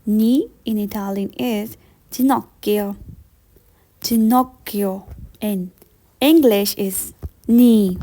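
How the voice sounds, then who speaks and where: A woman teaching a beginner vocabulary lesson, saying each word slowly and carefully and repeating it with patient encouragement. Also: mid-range voice, warm tone. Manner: slow, careful repetition of words. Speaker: language teacher.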